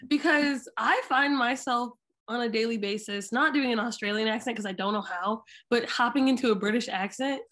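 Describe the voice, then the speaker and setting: A young woman co-hosts a casual college podcast with a fairly high voice. She chatters quickly and fills her questions with fillers. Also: fairly bright tone. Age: young adult. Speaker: podcast co-host.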